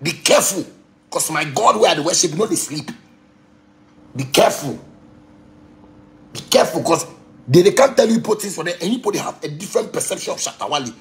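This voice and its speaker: A man in his thirties with a Ghanaian accent, speaking into a phone on a livestream. He rants and preaches with heat, lurching from loud, high outbursts down to low, muttered asides. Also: expressive, fast, slight background noise. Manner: preachy and heated, swings between loud outbursts and low murmurs. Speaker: musician live-streaming. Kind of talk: impassioned social media rant.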